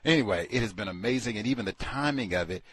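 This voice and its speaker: A man casually talking through a book he is reading, animated and full of rhetorical questions. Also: on the low side, quick pace, a little hiss or hum. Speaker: book commentator. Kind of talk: casual spoken book review.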